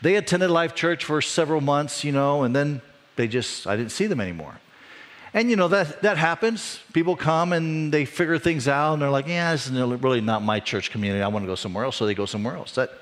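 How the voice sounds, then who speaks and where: A middle-aged male pastor preaching in a conversational way, his voice rising for emphasis and dropping low when he reflects. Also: animated, fairly quick. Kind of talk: sermon.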